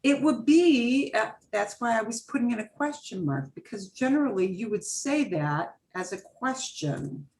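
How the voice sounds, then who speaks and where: A woman's voice: a little high, expressive, moderate pace, hardly any pauses, darkish tone. A woman teaching a beginners' Spanish class over a video call, explaining patiently and repeating phrases.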